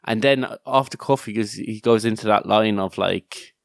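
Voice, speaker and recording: A man's voice: lowish voice, normal speed, gravelly, no echo, clean studio sound. An Irish man co-hosting a podcast, chatting casually, rambling and swearing as he tells stories. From Ireland. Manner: rambling, swearing, laughing storyteller. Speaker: podcast co-host. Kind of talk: casual chat.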